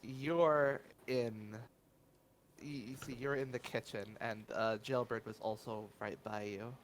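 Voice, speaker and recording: A man narrating as game master of a tabletop role-playing game, often pausing with fillers as he describes scenes. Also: lowish voice, fairly even intonation, a little hiss or hum. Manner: halting, filler-heavy narration.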